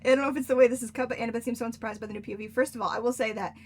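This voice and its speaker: A woman's voice: on the high side, steady tone, very fast, a little hiss or hum. A young woman author chatting casually on a stream with a friend, laughing often. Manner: giggly, chatty, lots of laughing.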